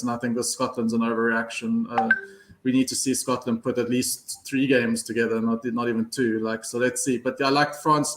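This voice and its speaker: A man giving his betting view on a panel, hesitant, with repeated words and fillers. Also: medium pitch. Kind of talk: casual panel discussion. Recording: echoey room.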